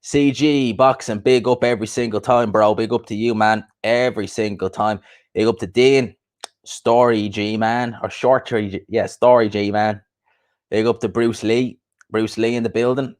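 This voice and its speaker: A young man hosting a casual boxing livestream, chatting loosely and giving repeated shout-outs to viewers. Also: lowish voice, steady tone, normal speed. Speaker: boxing podcast host.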